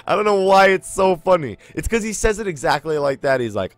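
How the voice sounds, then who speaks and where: Man, let's play commentary, rambling, laughs a lot, animated pitch, faint game music. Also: brisk, few pauses. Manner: chatty, laughs often, rambling. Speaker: gaming YouTuber.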